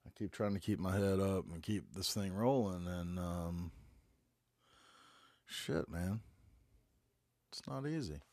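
Glum low-voiced man rambling. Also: takes it slowly, long pauses, a little mellow, dry recording, clean studio sound. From North Carolina, US. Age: 40s. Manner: glum, rambling, heavy cursing. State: stuffy head cold. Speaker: podcast host. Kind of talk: casual solo podcast monologue. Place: back bedroom at home. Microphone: phone.

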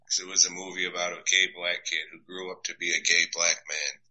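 A man from the United States in his thirties hosts a crude, mocking podcast chat. His voice sits low but rings bright and forceful. The sound is dull and lo-fi. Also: flat delivery, quick pace. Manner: crude, profane, mocking, acts out quoted voices. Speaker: podcast host.

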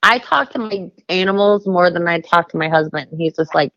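A woman in her fifties, chatty and quick to laugh and exclaim, in a casual podcast chat over a dull line. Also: fairly low pitch, fairly bright tone, no room sound. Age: 50s.

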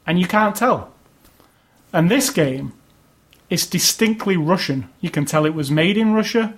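A man's voice: sits high, lively intonation, unhurried. A man casually chatting about video games as a podcast co-host, opinionated and rambling. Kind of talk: casual chat.

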